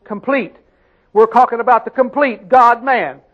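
A man's voice: very high-pitched, a little slow, lo-fi sound. A man preaching a sermon, emphatic, putting questions to his congregation and answering them himself.

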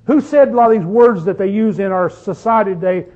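A high-voiced man preaches a sermon emphatically, pressing his points with rhetorical questions to the congregation and drawing out key phrases for stress. He speaks fairly quickly in a darkish tone, and the recording is muffled.

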